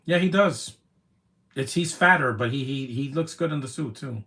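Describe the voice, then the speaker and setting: A man streaming his reaction to a movie, talking in an emotional, rambling way with many "man" tags and the odd loud taunt. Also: medium pitch, moderate pace. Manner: soft-spoken, with sudden loud taunting outbursts. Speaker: live streamer.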